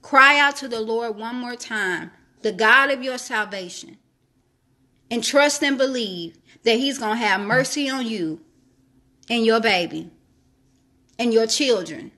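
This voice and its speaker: Lady preaching a devotional, high bright voice, keeps repeating lines to drive it home. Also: a little slow. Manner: exhorting, repeats key phrases for emphasis; reads scripture aloud, then comments on it. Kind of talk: sermon-style devotional teaching.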